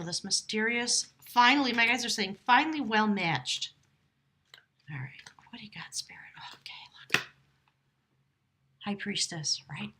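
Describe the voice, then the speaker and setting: A woman lays out tarot cards and talks through them in a bright, forceful voice. She muses aloud, stretches key words for emphasis and drops into brief whispers now and then. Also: a little high. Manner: emotive, musing, drawn-out emphasis, brief whispered asides to spirit. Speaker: tarot reader. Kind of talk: channeled tarot reading.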